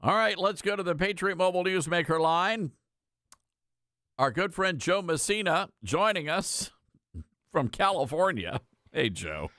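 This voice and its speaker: A man's voice: sits high, sing-song, a little slow, sharp tone, no room sound, clean studio sound. A man hosting a talk radio show, with a folksy, sarcastic way of talking. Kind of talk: conservative talk radio commentary.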